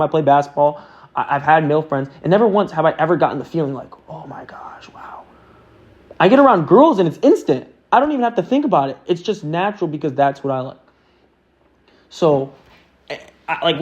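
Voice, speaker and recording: A man's voice: fairly high pitch, darkish tone. Earnest, rambling young man, lo-fi. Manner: earnest, rambling, with many fillers. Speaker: vlogger. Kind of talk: casual self-talk monologue. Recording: dull lo-fi sound.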